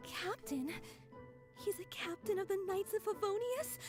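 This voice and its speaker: A woman's voice: very high voice, animated, a little slow, darkish tone. A woman voicing a flustered, gushing shopkeeper from game audio. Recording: game audio over faint music.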